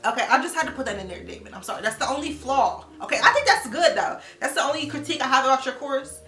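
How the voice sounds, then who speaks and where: A woman's voice: high-pitched, fast talker. Young woman, chatty course review, lots of "like", echoey room, music playing. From Columbus, Ohio, USA. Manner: animated, filler-heavy with frequent "like". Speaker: vlogger reviewing a language course.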